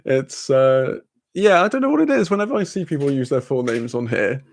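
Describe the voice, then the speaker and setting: A young man chatting casually on a live stream, laughing often and filling pauses with ums. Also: medium pitch, very animated, creaky.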